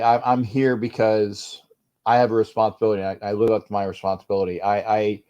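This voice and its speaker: A man's voice: lowish voice, little pitch movement, fast talker, mellow. A man hosting a casual livestream from home, grumbling and irritated, often repeating and restarting his phrases. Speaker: livestream host.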